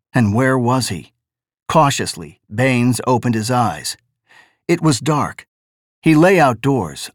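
A man reading a novel aloud as narrator, in a measured, deliberate way. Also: mid-range voice, no room sound, clean studio sound. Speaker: audiobook narrator.

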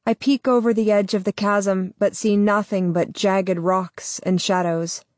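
A woman narrating a novel in the first person, measured and deliberate. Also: mid-range voice, fairly even intonation, darkish tone, no echo. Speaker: audiobook narrator.

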